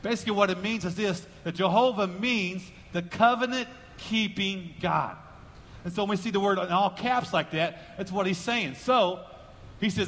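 A man's voice: high voice, normal speed, fairly bright tone, in a large hall. A man preaching a sermon as pastor, emphatic and repeating his key phrases as he builds. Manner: emphatic, repeats key phrases, drives lines upward in volume.

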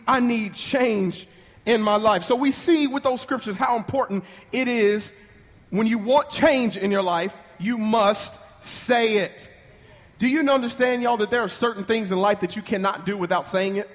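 Animated preacher, high-pitched man, call-and-response delivery; recorded with long church reverb. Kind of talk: sermon.

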